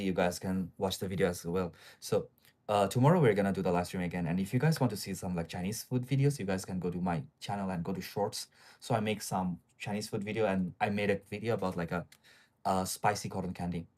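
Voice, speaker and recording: A man's voice: low voice, a little fast, a little mellow. A man hosting a casual live stream, chatting straight to his viewers with plenty of fillers.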